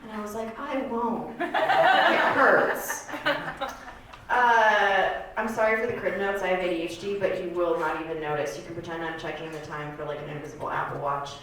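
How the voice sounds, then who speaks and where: Rambling deadpan woman in an echoey club. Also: lowish voice, fast, few pauses, slight background noise. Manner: deadpan, rambling confessional delivery with filler words. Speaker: stand-up comedian. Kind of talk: stand-up comedy set. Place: comedy club stage. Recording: echoey club room from far off.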